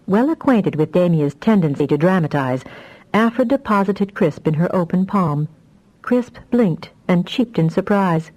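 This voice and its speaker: A woman narrating a fantasy audiobook in a measured, even storytelling manner. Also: lowish voice, low-quality recording.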